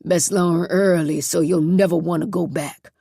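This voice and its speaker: A woman voicing a cruel, gruff male reform-school overseer who talks in coarse, threatening dialect in an audiobook. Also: on the low side, steady tone, moderate pace, mellow, dry recording, studio quality, voice pushed down. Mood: cold. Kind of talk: audiobook character voice.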